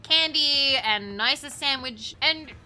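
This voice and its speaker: A woman's voice: sits high, slow pace, sharp tone. A woman streamer telling a casual, rambling story, giggling often and restarting her sentences. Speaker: VTuber streamer.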